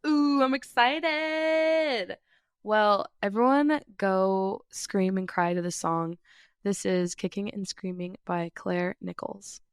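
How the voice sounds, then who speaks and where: A woman's voice: mid-range voice, takes it slowly, clean tone, no echo, studio quality. A woman hosting a podcast, asking questions in a playful, casual way. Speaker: podcast host.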